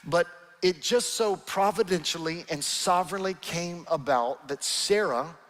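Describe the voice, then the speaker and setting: A man's voice: sits high, measured pace. A pastor, a man, telling a story in an earnest, emphatic sermon in a church sanctuary. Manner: earnest, emphatic, softening to near-whispers at tender moments. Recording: long hall reverb with soft music behind.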